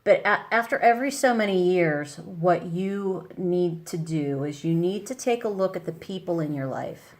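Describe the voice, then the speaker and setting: Woman host chatting, animated storyteller, acts out other people's lines. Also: fairly low pitch, normal speed, hardly any pauses. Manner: animated, acts out quoted voices. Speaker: podcast host. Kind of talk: casual chat, storytelling.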